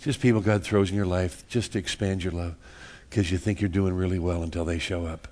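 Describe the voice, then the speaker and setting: A man's voice: sits low, fairly even intonation, brisk, a little mellow. A man preaching a sermon in a church, folksy and joking, repeating words and acting out little everyday scenes. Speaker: pastor.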